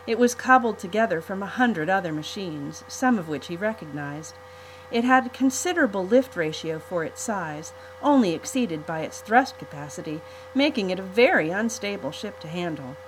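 A woman reading a storybook aloud in an even, measured manner. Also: fairly low pitch, slight background noise, poor audio. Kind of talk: storybook narration.

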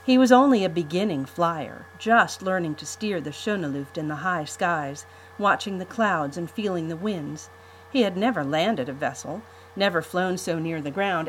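A woman reading a storybook aloud in an even, measured manner. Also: on the low side, a little hiss or hum, rough recording. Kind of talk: storybook narration.

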